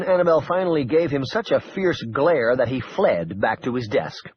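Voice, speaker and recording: A male narrator reads a thriller audiobook in a steady, measured way. His voice is husky with a lively pitch. The recording sounds dull and lo-fi. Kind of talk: scripted narration.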